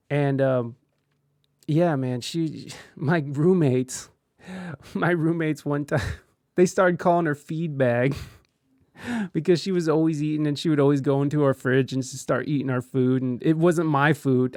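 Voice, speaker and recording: A man's voice: on the high side, darkish tone, dry recording, clean studio sound. A man hosting a podcast, casually telling a candid personal story with frequent swearing and laughter. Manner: candid, profane, laughs often through the story. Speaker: podcast host.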